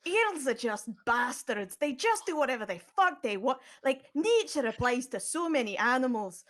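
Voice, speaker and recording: A befuddled old male professor, rambling and crude, who can't recall his own death, as a woman puts him on. The voice sits fairly high and the accent is a wobbly put-on British Isles lilt. A tabletop game character. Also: sing-song, moderate pace, fairly bright tone. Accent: put-on British Isles accent, by own admission poorly done. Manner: forgetful, flustered, crude and rambling. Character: muddled older male professor, freshly dead.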